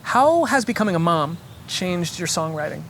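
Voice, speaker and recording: Interviewer, brisk and friendly, medium pitch, faint background hiss. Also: big pitch swings, a bit bright. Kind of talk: casual quick-fire interview questions.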